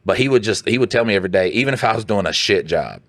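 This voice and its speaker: Man, low voice, casual podcast storytelling, profane, animated, quotes people in put-on voices. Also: rapid-fire. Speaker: podcast co-host.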